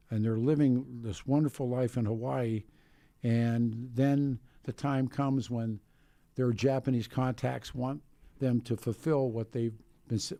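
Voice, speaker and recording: Male radio talk host, gravelly, mellow, dry studio sound, rambling delivery. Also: mid-range voice, no room sound. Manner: rambling, with frequent restarts.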